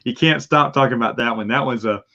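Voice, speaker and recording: A man co-hosting a casual podcast at an everyday mid-range pitch. He tells the story animatedly, acting out his own reactions with sudden high yelps. The recording sounds a little muffled and lo-fi. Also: quick pace, vocal fry, sharp tone. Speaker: podcast co-host. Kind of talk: casual chat. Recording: slightly dull, lo-fi sound.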